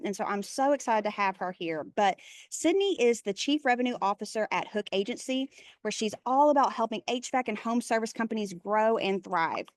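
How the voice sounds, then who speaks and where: A woman's voice: a little high, no echo. A woman with a Texas accent hosting an online session by video call, chatty and greeting attendees by name. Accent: Texan. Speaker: webinar host. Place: airport.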